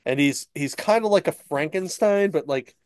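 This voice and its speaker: A man casually retelling a comic book story on a podcast, rambling and slipping into quick character asides. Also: fairly high pitch, expressive, darkish tone, no room sound, clean studio sound. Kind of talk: casual chat.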